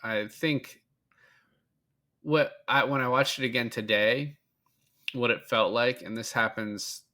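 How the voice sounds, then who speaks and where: Bright-voiced man swearing casually. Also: medium pitch, slow pace. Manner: loose and profane, retells scenes. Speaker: film podcast co-host. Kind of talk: casual film review chat.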